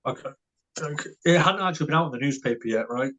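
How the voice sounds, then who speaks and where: A man's voice: medium pitch, expressive, quick pace, a bit bright, lo-fi sound. A man, a podcast guest telling a story in a casual way. He stammers and restarts often and keeps tagging his lines with "right?" and "mate".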